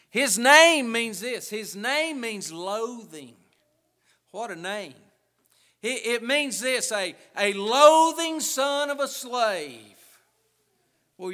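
A man preaching a sermon with emphatic delivery, pausing and restarting often. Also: high-pitched, sharp tone, big-room sound.

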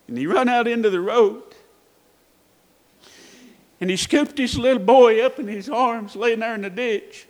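A man preaching a sermon, telling a story dramatically, his voice swinging from hushed to shouting. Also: high-pitched, a little slow, long pauses. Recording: echoey hall reverb.

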